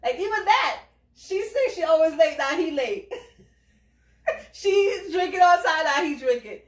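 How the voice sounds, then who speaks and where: A woman co-hosting a casual reality show review, animated and laughing often as she acts out quotes. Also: very high-pitched, measured pace, recorded from a distance. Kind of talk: casual chat. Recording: echoey room, away from the mic.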